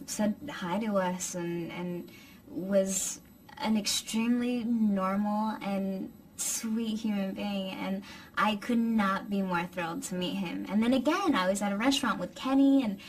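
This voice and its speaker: A woman happily recalls a meeting in a casual interview, with enthusiastic, rushing speech. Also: medium pitch, a little hiss or hum, low-quality recording. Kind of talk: casual recollection.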